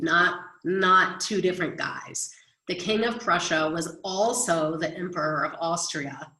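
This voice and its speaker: A woman's voice: fairly low pitch, fairly bright tone, reverberant, rough recording. A woman history teacher giving a chatty recorded lecture, explaining with everyday examples.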